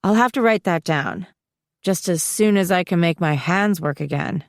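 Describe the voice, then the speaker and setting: A woman's voice: fairly low pitch, normal speed, no echo, close to an everyday voice. A woman voicing an earnest, bookish teenage girl who speaks a little sheepishly, in a dry, close studio read.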